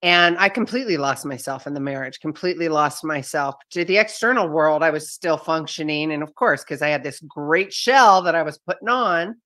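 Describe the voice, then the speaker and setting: A woman's voice: low voice, normal speed, few pauses, fairly bright tone, dry recording. A middle-aged woman hosting a podcast interview, chatty, with playful asides. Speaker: podcast host.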